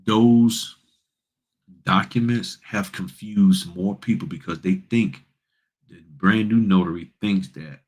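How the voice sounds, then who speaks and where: A man's voice: deep voice, slow pace, darkish tone, husky. A man hosting a casual livestream, giving blunt, folksy advice and addressing viewers as y'all. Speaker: notary public and livestream host.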